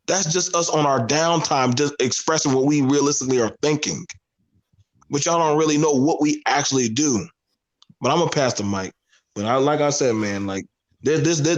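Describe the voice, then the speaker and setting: A man's voice: mid-range voice, low-quality recording. Male panel guest, Southern US accent, earnest and emphatic, mid-range voice. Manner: earnest, emphatic, repeats phrases. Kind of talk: casual panel discussion.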